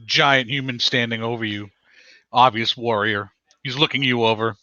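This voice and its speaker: A man's voice: medium pitch, steady tone, sharp tone, no room sound, muffled recording. A man narrating a tabletop game as game master, restarting his sentences often. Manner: narrates in quick stumbling restarts.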